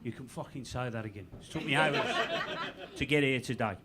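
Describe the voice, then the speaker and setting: A man's voice: medium pitch, moderate pace. A man in his sixties with a Birmingham accent, doing a dry, sweary, self-mocking stand-up set on a comedy club stage. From Birmingham, England. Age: 60s. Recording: live club mic with crowd noise.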